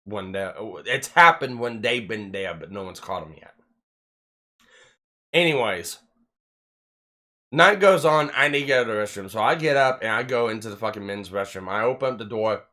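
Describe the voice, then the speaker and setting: A man's voice: fairly low pitch, normal speed, long pauses. Swearing, rambling man telling a story. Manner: rambling, heavy swearing, animated retelling. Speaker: podcast host. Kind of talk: casual chat, storytelling.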